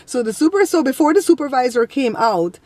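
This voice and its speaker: A woman vlogger telling a story in a casual, animated way, indignant and blunt. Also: high voice, a little fast, noisy background.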